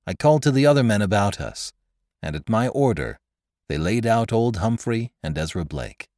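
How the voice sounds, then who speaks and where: Expressive male audiobook narrator. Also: fairly low pitch, normal speed, no echo, studio quality. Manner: dramatic, expressive reading.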